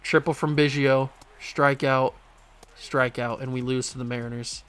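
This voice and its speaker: A young man giving live commentary while playing a baseball video game, groaning when it goes badly and shouting when it goes well. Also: mid-range voice, measured pace, smooth. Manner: animated, swings from frustrated groans to excited shouts. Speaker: gaming YouTuber.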